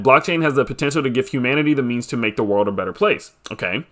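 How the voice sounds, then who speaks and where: Excitable young man reading crypto text. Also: mid-range voice. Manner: excitable, reads text aloud and breaks in with quick reactions. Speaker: crypto video host. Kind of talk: casual screen-share commentary, reading a white paper aloud.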